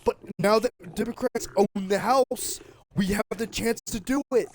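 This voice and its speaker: A man streaming a game, ranting in a heated, profane way and often shouting. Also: high voice, measured pace. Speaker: gaming streamer. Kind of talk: casual rant while streaming a game.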